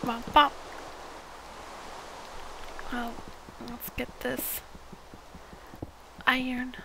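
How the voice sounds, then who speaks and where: Over background noise, a woman in her forties speaks extremely slowly in a high, creaky voice with little pitch movement. She's from Iowa, has a Midwestern American accent, and hosts gaming videos, rambling casually as she plays and breaking into half-whispered asides.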